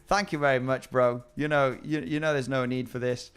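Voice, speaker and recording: A man's voice: mid-range voice, fairly even intonation, normal speed, a bit bright, clean tone. A man hosting a casual live stream about crypto trading, chatting with viewers and often repeating his words.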